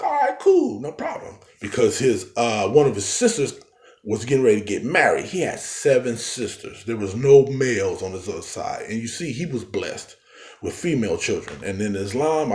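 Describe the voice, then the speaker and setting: A man telling a long rambling story in casual street slang, full of fillers and lively quoted exchanges. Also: mid-range voice. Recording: echoey room.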